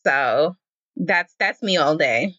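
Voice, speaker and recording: Bright enthusiastic woman guest, dull sound. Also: low voice, animated, slow pace, husky, no room sound. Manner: enthusiastic, gushing. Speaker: interview guest. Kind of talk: casual chat.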